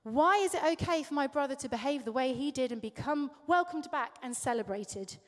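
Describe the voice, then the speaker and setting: A man's voice: very high-pitched, lively intonation, fairly quick, fairly bright tone. Woman voicing a bitter resentful older son. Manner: bitter, complaining. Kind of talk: sermon. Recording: echoey hall.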